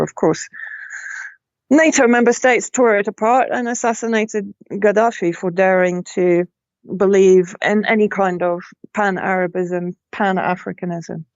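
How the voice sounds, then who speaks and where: A woman's voice: lowish voice, moderate pace, creaky, a little mellow, no room sound. A British woman journalist, a guest in a remote interview, who talks emphatically and often restarts her phrases. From Britain. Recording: slightly dull lo-fi line, dry.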